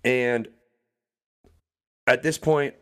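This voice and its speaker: A smooth, medium-pitched voice speaks very slowly. It's a young adult podcast co-host telling a casual story in an animated way, voicing the people in it.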